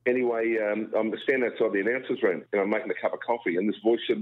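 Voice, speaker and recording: Aussie guy on the phone talking fast, joking about himself, sounds tinny. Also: lowish voice. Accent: Australian. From Brisbane, Australia. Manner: jokey, animated, self-deprecating. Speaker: guest broadcaster. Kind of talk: casual radio chat, storytelling.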